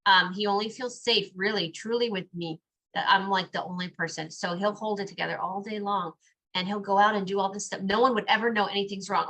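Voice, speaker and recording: Speaking briskly at a medium pitch, this mother chats on a relaxed podcast. She's lively and performs bits of quoted dialogue along the way.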